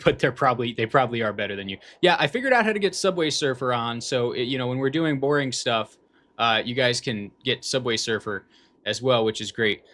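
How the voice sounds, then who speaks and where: A man's voice: mid-range voice, brisk, fairly bright tone. A man livestreaming in casual chat, reading viewer comments aloud and answering them with dry jokes.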